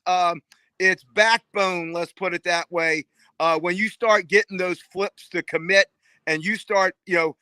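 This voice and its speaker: Male co-host, high bright voice, dry close sound, emphatic chatter. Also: smooth, no room sound, poor audio. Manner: emphatic, chatty, peppered with "you know". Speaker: sports radio co-host. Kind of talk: casual sports talk.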